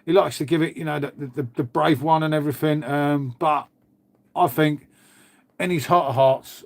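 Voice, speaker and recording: A man's voice: on the high side, steady tone, normal speed, vocal fry, no echo. A man chatting casually on a live stream, swearing freely and calling everyone "mate". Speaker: livestream host. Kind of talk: casual live chat with viewers.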